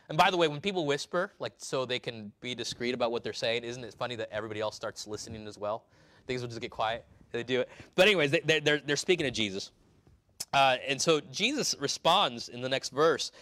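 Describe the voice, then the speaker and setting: A man's voice: mid-range voice, fairly quick, bright, forceful tone, no room sound. A man preaching a sermon in a conversational way, explaining scripture verse by verse.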